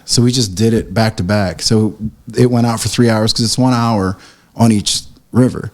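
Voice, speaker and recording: A man's voice: fairly low pitch, moderate pace. A man from the area, a print shop owner telling a story as a podcast guest, laughing and acting out what people said. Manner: animated, laughing, acts out quoted lines. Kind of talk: casual storytelling chat.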